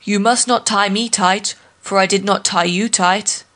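A woman's voice: mid-range voice, fairly even intonation, a little slow, fairly bright tone, natural voice. Woman reading as a boastful hungry lion, blunt, storybook. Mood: proud. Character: proud hungry male lion.

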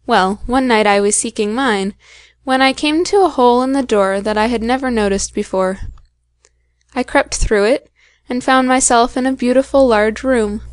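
A proud little storybook kitten, put on by a woman reader spins a sly tall tale and bristles when doubted. The voice sits a bit high and sounds close and dry, with no room around it. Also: dry recording, natural voice. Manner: sly and indignant. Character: boastful, touchy white kitten telling tall tales.

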